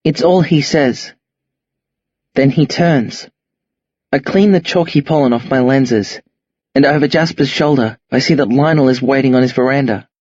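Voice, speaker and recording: Husky-voiced male audiobook narrator. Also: mid-range voice, normal speed, darkish tone, dry recording, highs cut off. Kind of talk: first-person audiobook narration.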